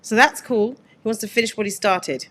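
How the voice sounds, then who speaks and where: Woman host, upbeat, conversational, mid-pitched. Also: moderate pace, a bit bright, a little hiss or hum. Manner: conversational, upbeat, many fillers. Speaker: host, executive producer. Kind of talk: casual live interview.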